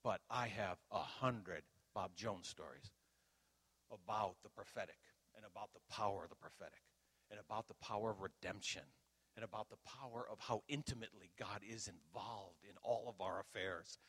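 A middle-aged man preaching a storytelling sermon, acting out quoted dialogue loudly and with animation. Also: lowish voice, normal speed, slightly rough.

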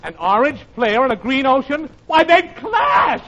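A man's voice: very high-pitched, big pitch swings, moderate pace, heavy background noise. A man voicing a fussy, dainty sailor who refuses orders, in a 1940s radio sketch. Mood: indignant. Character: fussy, dainty male sailor, prissy and stubborn.

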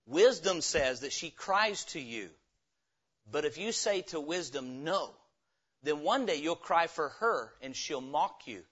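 Man, preacher, revival sermon, emphatic, fairly high voice, muffled lo-fi sound. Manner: emphatic, acts out dialogue with sudden loud and soft turns.

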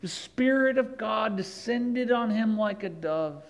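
A man preaching a sermon, rising to emphatic peaks and dropping low and slow to read scripture. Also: animated, gravelly, poor audio. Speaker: pastor.

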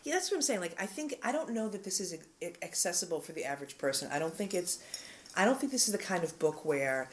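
A low-voiced woman co-hosting a laid-back podcast, talking frankly and cursing freely. She sounds a little tipsy, and there is faint noise behind her. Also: big pitch swings, fast talker. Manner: frank, profane, playful. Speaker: podcast co-host. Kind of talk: casual chat, book review.

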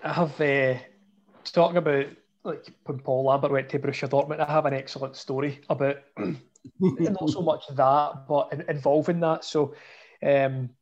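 A man's voice: on the high side, fairly even intonation, moderate pace, darkish tone. A young Scottish man telling a story in a chatty, self-mocking way. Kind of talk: casual storytelling. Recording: dull lo-fi audio.

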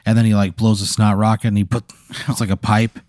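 A man's voice: on the low side, little pitch movement, fast, a little mellow, no echo, clean studio sound. A man hosting a comedy podcast, improvising a hypothetical story with lots of fillers. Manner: meandering, lots of "like", throat clearing.

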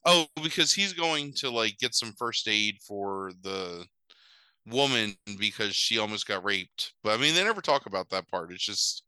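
A man with a very bright, sharp tone retells a film's plot in loose, rambling conversation, peppered with swearing and "like" and "um". His voice comes through smooth and crisp, recorded dry with almost no room sound. He talks like a podcast host at ease with a co-host. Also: on the low side, lively intonation, normal speed, dry recording, low-quality recording. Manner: rambling, profane, full of fillers and asides. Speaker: podcast host recapping a film. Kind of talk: casual chat.

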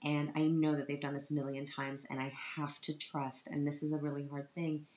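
This parent vlogger, a woman in her thirties, speaks fairly quickly in a low, level, slightly mellow voice against slight background noise. Tearful and nearly crying, she tells a dramatic, self-mocking story about her child, recorded with a roomy, dull lo-fi sound.

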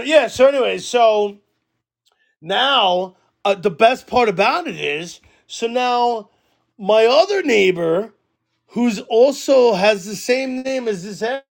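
Dude on a podcast, high-ish voice with lots of gravel, swears nonstop, super animated. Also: male voice, measured pace. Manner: animated, swears a lot, loudly acts out quoted arguments. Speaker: podcast co-host. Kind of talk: casual storytelling chat.

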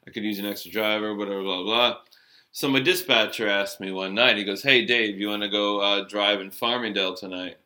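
A man's voice: lowish voice, steady tone, fairly quick, pushed and bright. A middle-aged man telling a loose, profane story from his cab-driving days in a casual chat. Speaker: storyteller, former cab driver.

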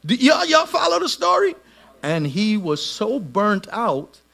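A middle-aged man preaching a sermon, swinging between shouted lines and soft asides. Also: sits high, wildly swooping pitch, a little slow, gravelly. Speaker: pastor.

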